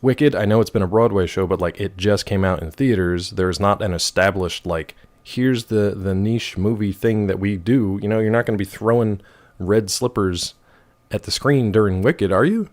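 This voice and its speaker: Streamer, male, 30s, lowish voice, scratchy throat, loose and joking talk. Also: normal speed, a little mellow. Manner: rambling, wry, reacts to chat messages. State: rough throat. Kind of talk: casual live-stream chat with viewers.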